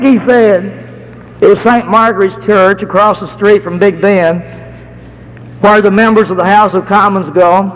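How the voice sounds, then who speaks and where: High-pitched american guy preaching, folksy stories, slows way down on key words, big echoey church. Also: steady tone. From United States. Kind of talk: sermon with personal stories.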